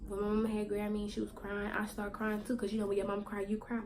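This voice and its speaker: A woman vlogger telling a personal story in a candid, slangy way, halting with fillers and repeats. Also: medium pitch, completely flat delivery, a little mellow, slight background noise, poor audio. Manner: candid, slangy, sometimes swearing for emphasis; halting, with many fillers and repetitions.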